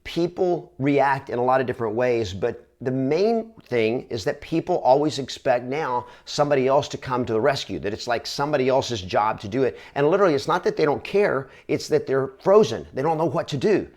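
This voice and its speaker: Speaking to camera with lively intonation, this male real estate trainer shares a motivational story; his mid-range voice is slightly mellow, and his earnest, chatty delivery includes quick restarts.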